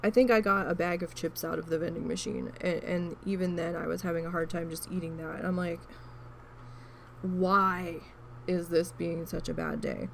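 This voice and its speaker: A woman's voice: on the low side, moderate pace, vocal fry, slight background noise. A woman vlogger chatting frankly about an old job while she crafts, with many restarts. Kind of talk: casual storytelling while crafting.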